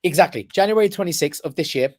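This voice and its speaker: A man, a guest on a talk show, telling a personal story with lively emphasis and frequent "right?" check-ins. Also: fairly high pitch, quick pace, no room sound, clean studio sound. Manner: animated storyteller who keeps checking in with "right?". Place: his office.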